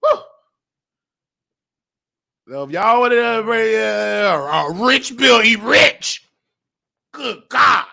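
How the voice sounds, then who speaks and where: A male talk show host ranting emotionally and in an animated way, sometimes shouting and close to tears. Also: high voice, slow, creaky. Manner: animated, fired-up, at times shouting and near tears.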